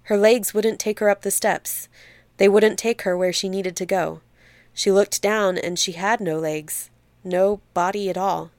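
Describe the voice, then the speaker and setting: A woman reads a dark literary story aloud, measured and steady. The recording is close and dry, with no room sound around her. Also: medium pitch, dry recording. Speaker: narrator. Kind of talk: literary audiobook narration.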